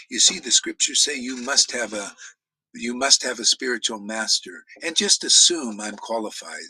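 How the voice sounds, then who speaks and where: A man preaching a confrontational, profane sermon, shouting challenges at his critics. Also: medium pitch, normal speed, breathy edge, no echo, low-quality recording.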